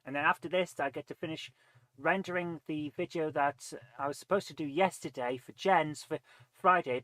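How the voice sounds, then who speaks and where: Between bites of food, a game streamer rambles casually and reads his chat aloud during a live broadcast. His voice is fairly high and fairly bright, and the recording has no room sound.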